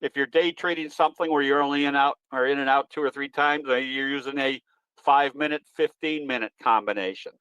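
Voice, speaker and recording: A man's voice: mid-range voice, fairly even intonation, fairly quick, fairly bright tone, clear, resonant tone, no room sound, low-quality recording. A man presenting at an online trading webinar, answering questions in a folksy, easygoing, rambling way. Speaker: guest presenter, trading educator. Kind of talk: webinar Q&A, explaining.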